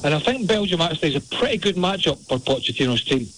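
A man's voice: fairly high pitch, sing-song, quick pace, background noise. A man, giving blunt, opinionated soccer analysis on a radio show.

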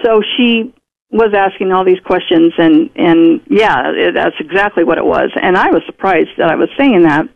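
The voice is creaky, medium-pitched and moderately paced. It belongs to a radio guest who chats through a personal story, impersonating other people along the way, heard over muffled broadcast audio.

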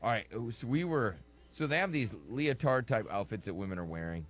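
A man's voice: medium pitch, lively intonation, a little fast, faint music behind. A man hosting a casual talk show, asking the guest blunt questions and teasing his co-hosts. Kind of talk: casual radio chat.

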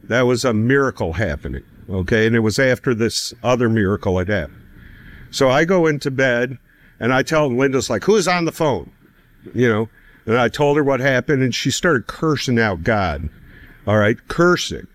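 A fifties-aged man gives a casual testimony about his own life, talking in a chatty, filler-heavy style, with lots of "you know" and laughs tucked between phrases. His voice is mid-range and animated, at a moderate pace.

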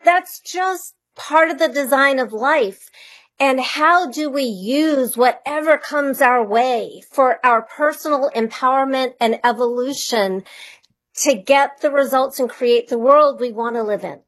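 A woman's voice: sits high, unhurried, a bit bright. A woman who is an author and money coach, a radio interview guest, speaking earnestly and reflectively with conviction.

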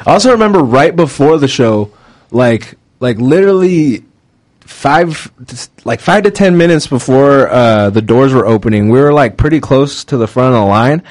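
A man's voice: medium pitch, lively intonation, moderate pace, a little mellow. A young man chatting casually, his talk loose and rambling with constant fillers. He speaks in an ordinary middle register and keeps circling back to restart his sentences. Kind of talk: casual chat.

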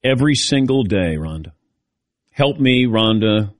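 A man's voice: on the low side, expressive, measured pace, no room sound, studio quality. A middle-aged man hosting a call-in radio show, chatting casually in a rambling, self-deprecating way.

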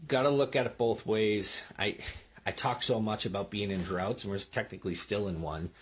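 A man talks through garden tips in a relaxed, instructional way, speaking into a microphone. His voice sits a bit low and has a husky edge. He keeps checking in with his listeners with a quick "okay?" or "right?". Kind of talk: casual instructional talk.

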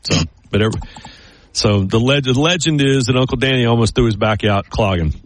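A man's voice: mid-range voice, brisk, a little hiss or hum. A man co-hosting a casual chat, telling stories in a rambling way with many restarts.

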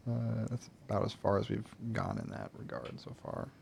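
Hesitant young speaker with a gravelly voice. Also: mid-range voice, sing-song, darkish tone, slight background noise. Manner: hesitant, halting, many fillers. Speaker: mock trial attorney. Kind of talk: casual chat.

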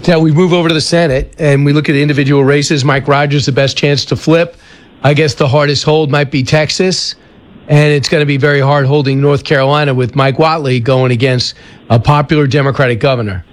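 A man hosts a talk radio show, posing questions to his guest in a loose, conversational way. He slips in sarcastic asides, and his voice sits a bit higher than most men's. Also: level tone, fairly quick.

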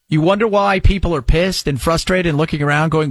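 A man's voice: a little high, normal speed, no echo. A man hosting a talk radio show, ranting with sarcasm and indignation. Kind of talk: opinionated talk radio monologue.

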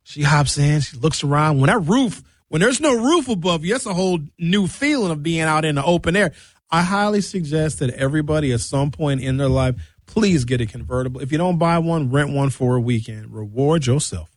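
A man's voice: on the high side, fairly quick, dry recording. A man hosting a radio show, rambling through a bawdy comic monologue. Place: radio studio.

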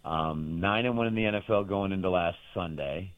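A very deep-voiced man tells long, boastful stories about his betting picks. He rambles and circles back as he talks. His voice comes through a thin, tinny phone line with a dry sound. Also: normal speed, dry recording. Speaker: sports betting handicapper. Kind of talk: casual chat on a show.

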